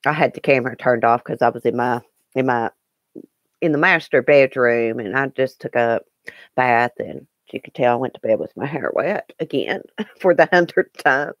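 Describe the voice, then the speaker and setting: A woman's voice: extremely low pitch, normal speed, no echo. Lady chatting live with her viewers, earnest, lots of ums, dead dry sound. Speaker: YouTube live-stream host. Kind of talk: casual live-stream chat, answering viewer comments.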